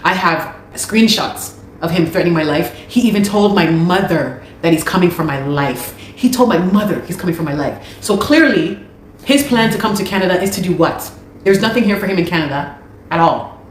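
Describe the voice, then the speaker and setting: A woman's voice: on the low side, expressive, normal speed. Urgent woman pleading for help in an echoey room. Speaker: musician and video host. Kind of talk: personal appeal to viewers. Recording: echoey room with faint noise.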